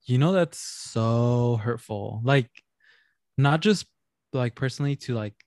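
A man's voice: medium pitch, a little slow, a little mellow, dry recording, studio quality. A man co-hosting a podcast who chimes in with emphatic, supportive comments in a casual chat. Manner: supportive interjections, emphatic swearing. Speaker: podcast co-host.

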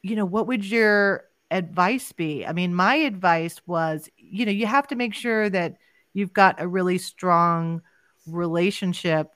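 A woman's voice: lowish voice, measured pace, fairly bright tone, no room sound. A middle-aged woman hosting a podcast, chatting casually and rambling with many restarts. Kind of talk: casual chat.

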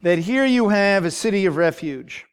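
A man teaching a Bible study, talking in a halting way with many fillers and frequent "okay?" check-ins. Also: sits high, animated, clean tone.

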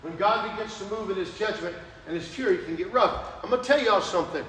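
A man preaching a sermon, animated, acting out prayers in a raised voice. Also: sits high, quick pace, slight background noise. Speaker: pastor. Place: church sanctuary. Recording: echoey room heard from a distance.

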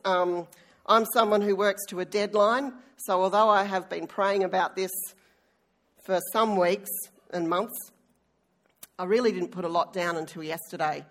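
A woman's voice: medium pitch, steady tone, a little slow. A middle-aged woman, a church elder preaching a sermon in a chatty, self-deprecating way with frequent ums, recovering from an illness. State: recovering from illness, may cough. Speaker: church elder and worship leader.

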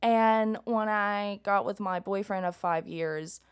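Podcast co-host, young woman with a Southern US accent, mid pitch, chatty storyteller. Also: slow pace, clear, resonant tone. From Southern United States. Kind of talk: casual chat.

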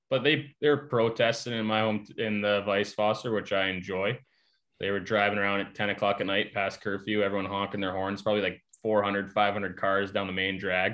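A young adult man, a guest in a casual chat, telling stories with lots of fillers. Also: on the low side. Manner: relaxed, filler-heavy storytelling. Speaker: guest, hockey player.

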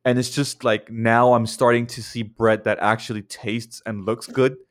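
A man co-hosting a casual podcast chat, quick and teasing, speaking with eager emphasis. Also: mid-range voice, little pitch movement. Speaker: podcast co-host.

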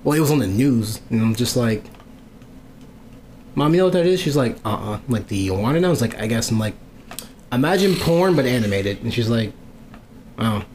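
A man in casual podcast chat, an animated storyteller who acts out quoted exchanges and swears freely. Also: mid-range voice, a little fast, pauses often, slight background noise.

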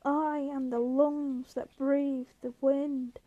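A woman voicing an ancient, towering male tree monster that makes slow, booming proclamations. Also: little pitch movement, no room sound, narrow, tinny audio. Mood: roaring.

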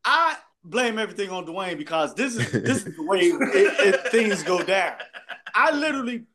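A man's voice: high-pitched, sing-song, moderate pace, a crowd in the background. A man co-hosting a casual talk show, telling loose, profane stories and joking with his friends. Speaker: podcast co-host. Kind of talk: casual banter among friends.

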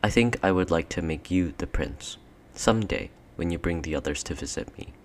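A man's voice: sits low, animated, normal speed. A man voicing a coaxing, regal queen. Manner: sweet-talking, persuasive, commanding. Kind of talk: audiobook character voice.

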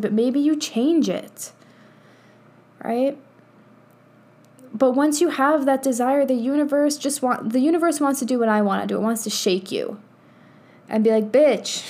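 This woman in her thirties speaks in a slightly high voice with a dark tone. She's a podcast host and spiritual coach delivering a casual motivational monologue, blunt and profane, and she laughs often.

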